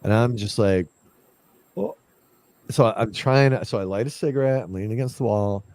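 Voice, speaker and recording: Low-voiced man telling a ghost story. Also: normal speed. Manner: animated, acts out his own past lines. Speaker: paranormal investigator telling a story. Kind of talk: casual storytelling chat.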